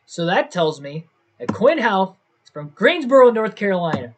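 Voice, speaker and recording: With a high, sing-song voice at a moderate pace, a young gaming streamer chats casually with his viewers. He commentates his own stream, musing aloud and second-guessing himself.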